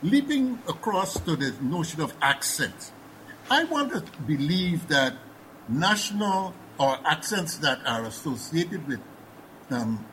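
Guyanese male panelist, slightly higher pitch, halting and reflective, faint noise under the voice. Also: a bit bright, rough recording. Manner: thoughtful, many fillers and restarts. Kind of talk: panel discussion.

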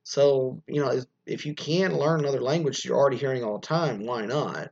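Man, husky voice, rambling opinionated commentary, muffled lo-fi recording. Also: medium pitch, a little fast, darkish tone. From United States. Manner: rambling, with frequent restarts and opinionated asides. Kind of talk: casual commentary, reading news aloud.

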